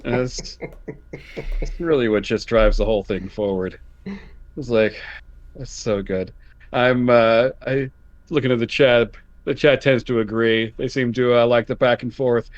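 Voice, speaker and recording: A man's voice: medium pitch, measured pace, dull audio. Upbeat man joking through his wrap-up. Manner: enthusiastic, joking, self-interrupting. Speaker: player. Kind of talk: casual chat about a tabletop game.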